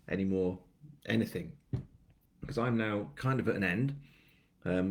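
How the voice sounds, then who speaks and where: Deep and low, this British man's voice carries a loose live-stream chat as he hosts the launch of his crime novel. He wanders off on tangents, plugs pauses with ums and other fillers, and makes fun of himself.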